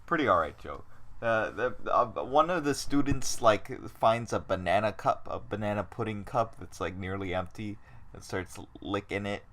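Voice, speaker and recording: Co-hosting a casual podcast, a man with a lowish, fairly bright voice speaks expressively at a moderate pace. He animatedly retells scenes and acts out the quotes.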